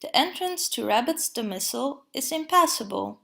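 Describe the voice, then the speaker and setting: A woman's voice: high voice, expressive, moderate pace, vocal fry, bright, forceful tone, full character voice. A woman reading aloud the lines of a pompous, wordy old male owl in a storybook, formal and long-winded.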